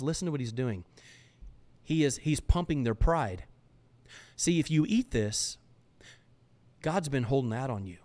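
A man's voice: mid-range voice, a little mellow. Fervent male podcast preacher. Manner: emphatic, fervent. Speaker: podcast host. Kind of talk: preaching monologue.

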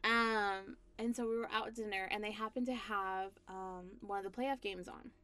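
A woman casually telling an anecdote to a friend, animated and laughing often. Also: medium pitch, moderate pace. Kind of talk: casual storytelling chat.

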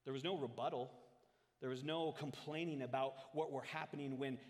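A man preaching to his congregation in an impassioned sermon style. His delivery swings from loud, dramatic scripture readings to quiet, reflective asides. His voice sits in a middle pitch, and the long reverb of the hall trails after each phrase. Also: steady tone, brisk. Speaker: pastor. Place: church hall. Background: congregation in the room.

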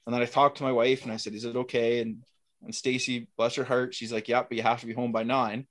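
A man's voice: mid-range voice, fast talker. A middle-aged man casually telling a story, acting out the lines of the people in it. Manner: animated, acts out dialogue in quotes. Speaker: guest telling a hunting story.

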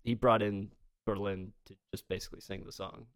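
A man's voice: fairly low pitch, flat delivery, brisk, very noisy. A man co-hosting a podcast in casual chat, rambling and swearing now and then, laughing often. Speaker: podcast co-host.

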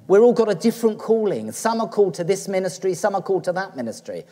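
A man's voice: high-pitched, big pitch swings, quick pace, dark tone. A middle-aged Australian-born man, a priest, preaching a sermon in a chatty, joking way to his congregation. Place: church. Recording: long church reverb.

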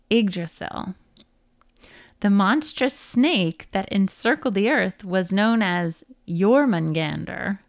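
A woman's voice: mid-range voice, no room sound, clean studio sound. A woman reading a children's book aloud, careful with her words and stopping to spell out hard names. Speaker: storyteller.

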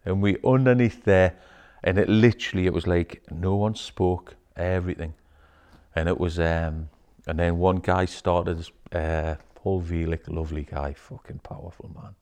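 A man telling a personal story in casual talk, swearing freely and dropping to a hushed whisper when quoting others. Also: sits low, steady tone, normal speed, smooth.

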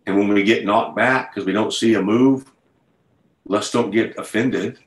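Low-voiced man preaching in an echoey room. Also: steady tone, unhurried. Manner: conversational, building to fervent retelling. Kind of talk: sermon to an online group. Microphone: video call.

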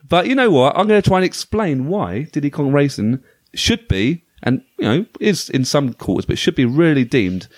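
A man talking casually and with enthusiasm about retro games. His pitch swings up and down a lot as he restarts his sentences. The sound is dry and close, with little room behind it. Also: very animated, normal speed, no room sound. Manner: enthusiastic, chatty, with frequent restarts. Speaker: podcast host.

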